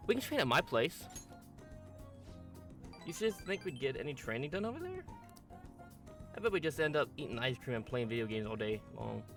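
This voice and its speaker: A man voicing a brash, rough-talking teenage boy with a put-on drawl while reading a game's dialogue. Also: mid-range voice, very animated, fairly quick, pauses often, fairly bright tone, faint music behind. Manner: slangy, drawling put-on accent. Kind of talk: game voice-over reading.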